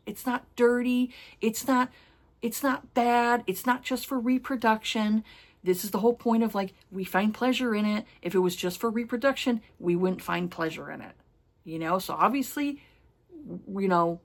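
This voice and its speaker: A woman talks through a book review in a loose, gushing way, full of fillers and little restarts. She reads from her notes now and then, then drifts back into chatty asides. Her voice sits in an ordinary middle pitch. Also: gravelly. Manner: gushing, rambling, many fillers. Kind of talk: casual book review chat.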